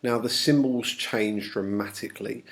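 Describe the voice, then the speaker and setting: Casual: teacher guy with a lowish voice talking through a book, lots of ums. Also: moderate pace. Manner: explanatory, with frequent fillers. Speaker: English teacher. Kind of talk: recorded lesson explanation.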